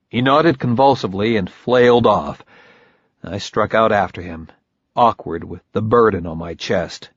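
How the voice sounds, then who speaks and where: A man narrating a first-person audiobook in a measured, grim storytelling manner. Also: fairly low pitch, breathy edge, no echo. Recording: dull lo-fi recording.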